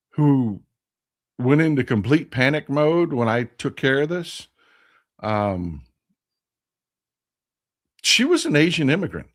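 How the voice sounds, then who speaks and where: A man hosts a casual political livestream. His voice swings up and down a great deal as he rambles in an impassioned, folksy way. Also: mid-range voice. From Texas. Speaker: live stream host.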